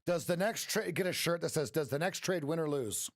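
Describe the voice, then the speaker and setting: A man coaching live trades on a stream, talking straight to viewers and checking in with a quick "right?". His voice sits a little high and is starting to go hoarse. The sound is close and dry, with no room around it. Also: no room sound. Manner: energetic, talks straight to viewers with frequent "right?". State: losing his voice. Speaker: trading coach. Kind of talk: live-stream trading commentary.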